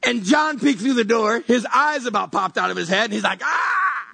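A pastor giving a conversational sermon, animated and stumbling over repeated words as he reaches for images. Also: high voice, brisk, gravelly.

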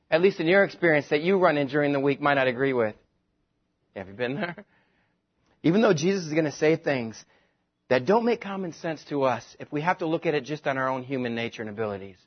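A male pastor preaching a sermon, animated, slipping into quick voices to act out the people in his stories. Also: fairly high pitch, muffled recording. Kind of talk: sermon with comic retelling.

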